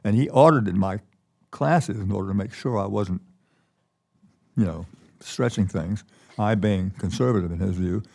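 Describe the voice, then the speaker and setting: Older man, keynote guest, gravelly low voice, rambling storyteller. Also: moderate pace, pauses often, a little mellow. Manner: rambling with many restarts. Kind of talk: conversational storytelling. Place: conference stage.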